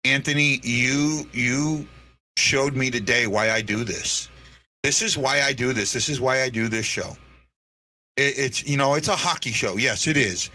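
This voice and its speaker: A man hosts his own show in an earnest, unscripted monologue, and his voice comes across bright and tense. He stumbles through restarts and repeats his words while he holds back tears. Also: mid-range voice, measured pace. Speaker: podcast host.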